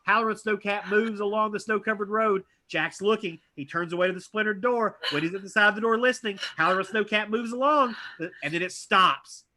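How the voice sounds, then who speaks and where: A man reading stage directions aloud at a live script reading, animated and tossing in asides. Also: high voice, a little fast, hardly any pauses. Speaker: script reader.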